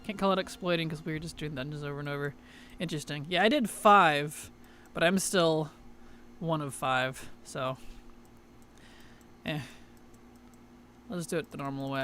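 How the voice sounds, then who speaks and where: A man's voice: on the high side, sharp tone, a little hiss or hum. Offhand, mumbling male game streamer. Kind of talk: casual gaming chat.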